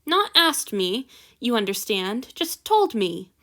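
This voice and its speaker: A woman reading the lines of a gentle, affectionate male god lord in a soft, tender, teasing way. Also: on the high side, big pitch swings, slow pace, full character voice.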